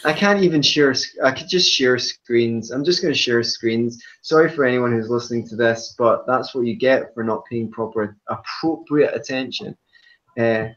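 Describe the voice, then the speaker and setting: Scottish male podcast host, jokey, mid-pitched, dull muffled audio. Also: normal speed, fairly bright tone. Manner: joking, theatrical outbursts. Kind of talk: casual group chat. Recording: dull lo-fi sound.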